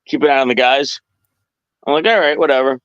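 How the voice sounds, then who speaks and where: A middle-aged man telling wrestling stories in a casual chat, animated and acting out quoted people in a raised voice. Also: mid-range voice, brisk, smooth, no echo. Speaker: podcast guest telling stories. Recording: dull dry lo-fi stream audio.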